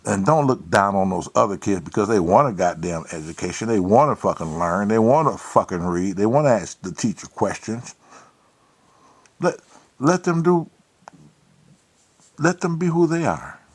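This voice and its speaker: A man hosting his own talk show, giving a blunt, profane, preachy monologue. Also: mid-range voice. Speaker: podcast host. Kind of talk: casual monologue.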